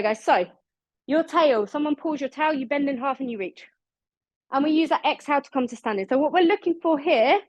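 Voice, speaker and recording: Upbeat high-voiced British fitness instructor. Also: female voice, no echo, dull audio. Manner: upbeat, encouraging, counts down reps. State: slightly out of breath. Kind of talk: live online exercise class coaching.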